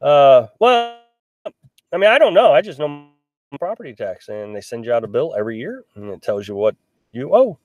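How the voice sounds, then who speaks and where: Speaking briskly in a sing-song, mid-range voice, a middle-aged man hosts a casual live stream from a small pop-up camper, reading viewer comments and answering them. He rambles chattily with many restarts and fillers, and there's no echo.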